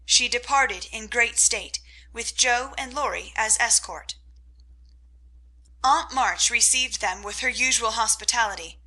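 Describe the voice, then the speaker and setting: A woman narrating a classic novel in measured, scripted audiobook style. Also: a little high, sharp tone, poor audio.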